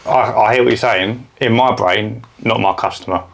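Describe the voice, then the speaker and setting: A man's voice: lowish voice, normal speed, gravelly. A man, co-hosting a casual podcast chat, blunt and matter-of-fact. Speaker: podcast co-host, window cleaner.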